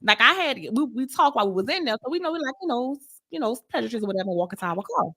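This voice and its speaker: Animated, bright-voiced woman telling a story. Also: on the high side, very fast. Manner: animated, laughing, blunt storyteller. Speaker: podcast co-host. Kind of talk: casual storytelling chat.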